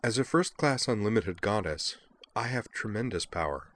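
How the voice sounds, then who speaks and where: A man reading the gentle, firm lines of a powerful goddess in a story. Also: on the low side, animated, normal speed, lightly acted. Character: calm, kind, powerful goddess woman.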